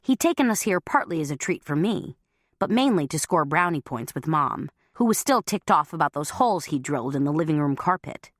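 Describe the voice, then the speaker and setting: A woman's voice: low-pitched, lively intonation, brisk, no room sound, clean studio sound. A woman reading a humorous cozy mystery audiobook in a wry, conversational first-person voice. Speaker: audiobook narrator.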